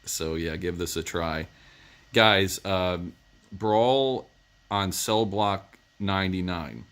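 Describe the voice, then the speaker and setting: A man's voice: deep voice, slow, a bit bright, clear, resonant tone. A man giving a casual movie review, rambling through the plot with lots of "uh" and "um". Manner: rambling plot retelling with many fillers.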